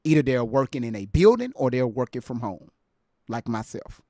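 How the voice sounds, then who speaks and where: A man's voice: medium pitch, very animated, moderate pace, dark tone, no echo, studio quality. Laid-back man reacting on a livestream. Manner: laid-back, incredulous, laughs easily. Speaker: live-stream host reacting to a clip. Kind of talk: casual live reaction commentary. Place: at home.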